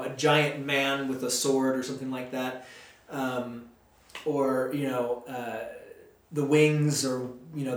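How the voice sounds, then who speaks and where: A man's voice: medium pitch, a bit bright. Chatty man leading a Bible study. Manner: chatty, rambling, uses fillers. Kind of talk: casual Bible study teaching. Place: church meeting room. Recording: echoey room, distant mic.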